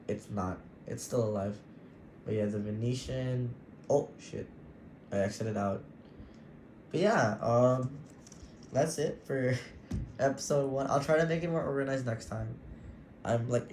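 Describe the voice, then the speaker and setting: A man's voice: fairly low pitch, a little mellow, a little hiss or hum. A young man rambling through a casual personal podcast, giddy and affectionate. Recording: roomy echo with faint ambience.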